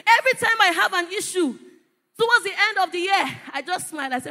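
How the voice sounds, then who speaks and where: A woman preaching a sermon at a church prayer service, often shouting as she preaches. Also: very high voice, lively intonation, brisk. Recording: echoey church hall.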